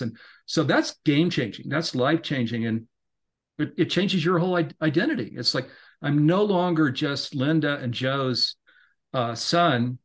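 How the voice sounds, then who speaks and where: A middle-aged man, a podcast guest, talking in an earnest, rambling way that grows animated when he is inspired. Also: on the high side, breathy edge. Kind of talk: casual interview talk.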